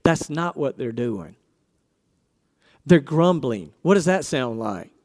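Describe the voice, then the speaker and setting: Animated male preacher, lively high voice. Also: slow. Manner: animated, asks the congregation questions, acts out quoted voices. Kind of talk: casual sermon.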